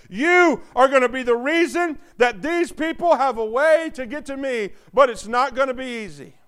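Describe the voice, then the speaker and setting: A man's voice: extremely high pitch, fairly bright tone, smooth. A man preaching a sermon, reading scripture aloud and dramatizing God and Jesus with call-and-response to the congregation. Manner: voices God and Jesus in impassioned quoted speech.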